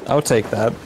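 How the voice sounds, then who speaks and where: A man's voice: mid-range voice, darkish tone, slight background noise. A man playing a game with a friend, teasing him in profane, laughing banter. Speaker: co-player. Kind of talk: casual gaming banter.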